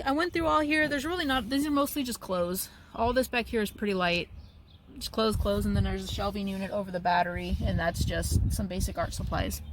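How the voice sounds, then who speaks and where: A woman's voice: medium pitch, very noisy. A young woman vlogging in a casual, rambling way, anxious and restarting her sentences often. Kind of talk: casual vlog monologue. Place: at home, indoors and by the car outside.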